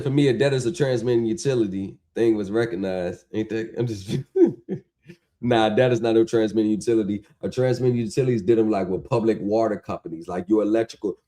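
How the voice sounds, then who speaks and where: A man hosting a livestream, talking in an animated, mocking rant that is full of profanity and rhetorical questions. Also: on the low side. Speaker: stream host. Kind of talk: ranting livestream talk.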